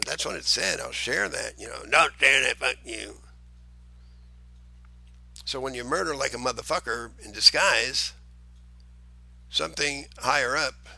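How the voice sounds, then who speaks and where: A man's voice: medium pitch, vocal fry, sharp tone, dry recording. A man delivering an angry, heated monologue, profane and accusing, talking straight at the person he blames.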